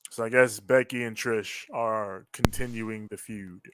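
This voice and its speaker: A man's voice: lowish voice, fairly even intonation, a little slow, noisy background. A man co-hosting a live wrestling reaction stream in casual chat, rambling, swearing freely and laughing often at home. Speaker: co-host of a wrestling reaction show.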